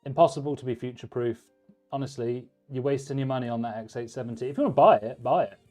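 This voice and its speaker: A man hosts a live stream and chats casually while he assembles computers. He gives blunt, practical advice and thinks out loud as he goes. Soft music plays faintly in the background. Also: medium pitch, quick pace. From United Kingdom. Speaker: livestream host, PC builder.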